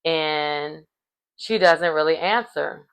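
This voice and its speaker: Woman, casual recap commentator, chatty and animated, lots of fillers, gravelly fry, lowish voice. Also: slow. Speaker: reality show recap commentator.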